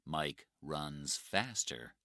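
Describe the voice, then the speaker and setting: A man narrating a graded-reader story for English learners, very slowly and clearly spoken. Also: extremely low pitch, lively intonation, pushed and bright, dry recording, clean studio sound.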